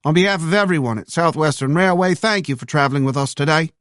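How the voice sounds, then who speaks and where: A man putting on a nasal train conductor's voice, pitched well above his own natural register. The conductor delivers his announcement in a formal, courteous cadence over a public address system. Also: fast talker, fairly bright tone, no echo, clean studio sound, natural voice.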